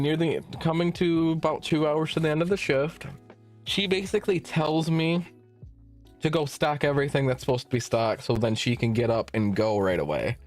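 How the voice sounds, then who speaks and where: A young man streamer casually telling a long work story, swearing freely and acting out the dialogue in it. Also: a little high. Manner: animated, swearing, acts out quoted dialogue.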